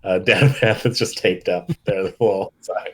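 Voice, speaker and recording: A man's voice: sits low, steady tone, moderate pace, slightly rough. A man narrating as game master, rambling with lots of fillers and frequent laughter.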